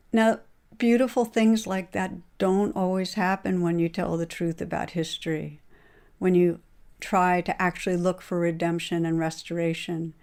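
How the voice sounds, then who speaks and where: A middle-aged woman giving a dharma talk as a meditation teacher, retelling a story in a calm, measured way. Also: fairly low pitch.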